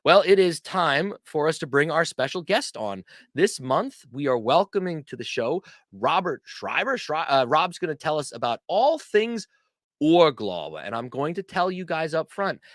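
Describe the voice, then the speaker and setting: A man's voice: a little high, very animated, normal speed, fairly bright tone, dry recording, studio quality. A chatty male host who talks in a casual, rambling, self-deprecating way on a livestream.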